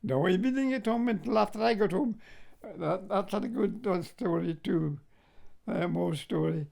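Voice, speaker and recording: Telling war stories in an interview, this older Scotsman speaks at a normal speed in a high, gravelly voice with a slightly mellow quality. Chuckles punctuate his reminiscing, along with frequent uses of "like, you know."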